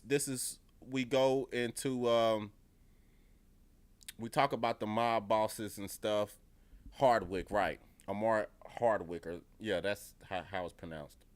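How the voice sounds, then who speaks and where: A man giving a casual reaction review of a TV episode, profane and emphatic, often repeating his points. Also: lowish voice. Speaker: TV show reviewer.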